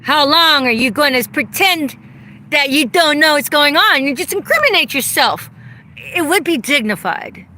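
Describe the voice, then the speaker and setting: A woman's voice: high voice, expressive, moderate pace, pushed and bright. A woman ranting angrily and profanely outdoors, delivering an accusatory vlog monologue. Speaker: vlogger.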